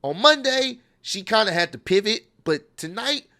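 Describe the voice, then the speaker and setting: A man's voice: high-pitched, expressive, normal speed, pushed and bright. A man giving a casual, opinionated spoken recap of a show, rambling with frequent fillers. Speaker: wrestling recap vlogger.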